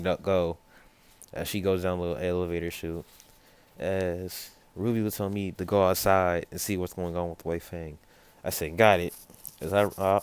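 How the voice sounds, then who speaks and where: A man with a very deep, low voice tells a fan story off the cuff at home. He rambles, backtracks and fixes himself mid-sentence, now and then turning aside to talk to someone nearby. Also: a little mellow, clear, resonant tone. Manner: rambling, self-correcting, with quick asides to a child nearby. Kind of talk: casual spoken fan story.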